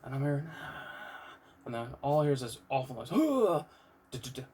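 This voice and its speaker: A man's voice: medium pitch, steady tone, fairly quick, mellow, a little hiss or hum. A man with a British accent, talking candidly and ramblingly in an unscripted personal vlog, with some swearing. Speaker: vlogger.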